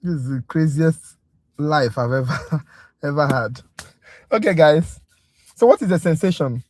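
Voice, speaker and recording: In a mid-range voice that's a little slow and a little mellow, a tutor rants in a talkative, exasperated way during a casual livestream review class. The tutor is direct with viewers, calling them "guys," and the recording is dry and close.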